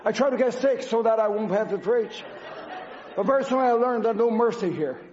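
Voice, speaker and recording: High-voiced man giving a halting testimony. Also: a little mellow, some chatter behind, slight background noise. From Canada. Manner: earnest, halting, non-native phrasing with restarts. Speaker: church speaker. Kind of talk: personal testimony sermon. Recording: dull lo-fi sound.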